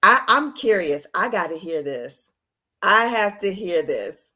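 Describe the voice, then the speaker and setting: A woman's voice: mid-range voice, lively intonation, unhurried, bright, forceful tone. A woman hosting a podcast interview, reacting with enthusiastic affirmations. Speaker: podcast host. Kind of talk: casual interview chat.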